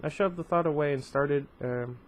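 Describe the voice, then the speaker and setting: A man's voice: a little high, moderate pace, low-quality recording. A man reading a novel aloud in first person, dropping offhand asides and correcting himself as he goes. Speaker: book reader. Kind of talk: casual read-aloud of a novel.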